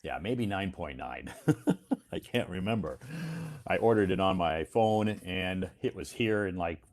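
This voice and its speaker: An American man, an English teacher hosting a live stream, chatting casually in a slow, deliberate way with frequent "uh"s. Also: deep voice, expressive, a little mellow. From United States.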